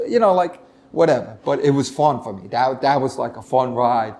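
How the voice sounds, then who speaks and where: Animated New ex-cop telling stories. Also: male voice, medium pitch, a little fast. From United States. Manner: animated storytelling, many restarts, acts out quoted voices. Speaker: retired police lieutenant, guest. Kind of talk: casual interview talk.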